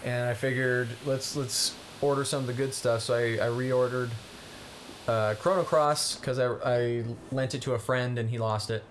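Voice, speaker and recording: A man's voice: mid-range voice, moderate pace, slight background noise. A man casually commenting on a game he plays, explaining its systems with plenty of ums. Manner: relaxed, explanatory, many ums and uhs. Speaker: co-host and player of a gaming channel. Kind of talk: casual let's-play commentary.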